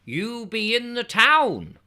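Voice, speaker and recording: A man's voice: very high-pitched, wildly swooping pitch, slow pace, pushed and bright, voice pushed up, heavily acted. A man reading an audiobook voices a proud rural townsman who talks bluntly and with emphasis. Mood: insistent.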